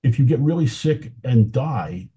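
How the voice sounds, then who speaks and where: A man with a very dark, husky voice talks as an interview guest, sharing anecdotes with real enthusiasm. His pitch swings widely as he tells stories, and he chuckles now and then. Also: lively intonation, measured pace, highs cut off. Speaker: film historian guest. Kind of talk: casual interview chat.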